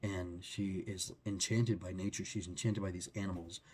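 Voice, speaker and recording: A man's voice: sits low, fairly even intonation, moderate pace, darkish tone, a little hiss or hum. A man talking through a book chapter in a loose, rambling way, with many fillers and restarts. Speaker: book reviewer. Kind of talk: casual book discussion.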